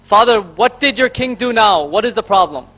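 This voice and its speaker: A man's voice: high voice, lively intonation, normal speed, sharp tone, exaggerated voice. A man voicing a clever, confident young woman in a told story. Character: clever, loving young daughter.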